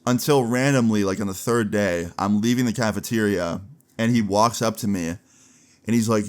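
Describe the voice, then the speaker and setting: A man's voice: lowish voice, moderate pace. A young man casually telling a story from his school days, slangy and laid-back, often adding "like" and "right?". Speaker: storyteller vlogger. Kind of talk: casual story-time narration.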